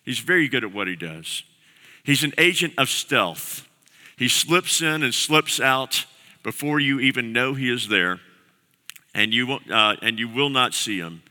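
A man's voice: medium pitch, lively intonation, unhurried, sharp tone. A man preaching a sermon as pastor, earnest and repeating key phrases for emphasis. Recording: long reverb of a large hall.

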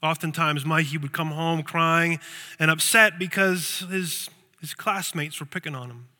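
Male pastor, sermon, storytelling, repeats words, high voice, echoey church hall. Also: unhurried, sharp tone.

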